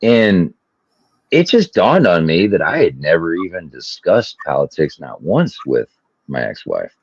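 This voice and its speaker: Male co-host with a deep voice, tells stories profanely; dull lo-fi recording. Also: unhurried, slightly rough, no room sound. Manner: profane, animated retelling. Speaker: podcast co-host. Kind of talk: casual chat, storytelling.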